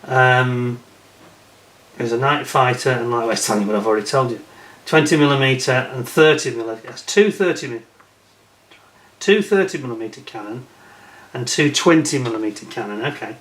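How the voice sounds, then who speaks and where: A man's voice: mid-range voice, normal speed, a bit bright. A man casually reviewing a model kit as he unboxes it, chatting and muttering asides to himself. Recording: echoey room with faint noise.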